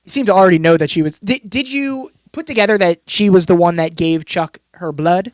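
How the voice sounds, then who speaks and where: A man's voice: sits high, brisk, no echo, studio quality. A man co-hosting a podcast, recapping an episode in a casual chat and laughing often. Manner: laughs often, lots of fillers and restarts. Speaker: podcast co-host.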